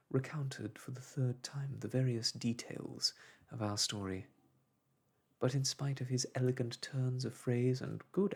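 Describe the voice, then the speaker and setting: A man reading a classic novel aloud in a soft, hushed ASMR storytelling style. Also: medium pitch. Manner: hushed, breathy and gentle.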